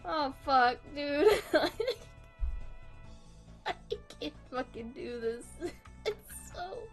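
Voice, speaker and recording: A woman's voice: high-pitched, expressive, extremely slow, faint music behind. A young woman chatting casually on a live stream while drawing, swearing freely and laughing through her sentences. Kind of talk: casual livestream chat.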